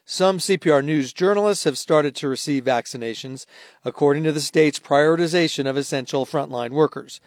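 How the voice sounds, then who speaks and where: A man filing a factual radio health report in a brisk manner. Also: on the high side, no echo, studio quality. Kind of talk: filed radio news report.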